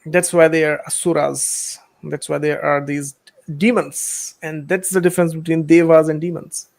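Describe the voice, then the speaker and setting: Gravelly man, blunt and dismissive. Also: a little high, little pitch movement, normal speed, darkish tone. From India. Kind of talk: casual reaction chat.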